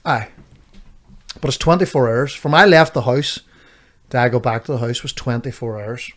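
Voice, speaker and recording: A man with a Northern Irish accent and a medium-pitched voice co-hosts a podcast at a moderate pace. In casual chat, he tells rambling anecdotes full of swearing.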